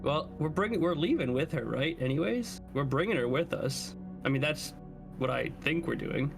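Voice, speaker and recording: A man's voice: on the high side, animated, moderate pace, vocal fry, over music. A man playing a tabletop game, chatting casually and playfully as he joins in the jokes. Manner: playful, giggly. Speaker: player.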